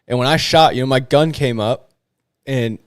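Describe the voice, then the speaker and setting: A man co-hosting a podcast, telling a hunting story in an animated way and acting out what people said. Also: medium pitch, moderate pace, dry recording, clean studio sound. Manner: animated storyteller, acts out quotes. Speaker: podcast co-host. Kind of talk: casual chat.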